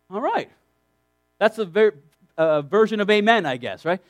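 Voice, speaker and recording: A man with a high voice preaches a sermon to a room of young people. His delivery swings widely up and down as he reads scripture and stops to drive points home with emphatic asides. The sound is dry and close. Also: lively intonation, moderate pace, dry recording. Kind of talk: sermon to a youth group.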